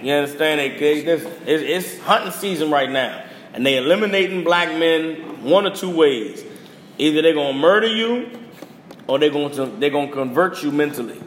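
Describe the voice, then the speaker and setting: A man's voice: on the high side, expressive, moderate pace. A young man hosting a podcast, delivering a blunt, emphatic rant full of slang and repeated phrases for punch. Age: young adult. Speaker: podcast host. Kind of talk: heated casual rant. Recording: roomy reverberant room with faint noise.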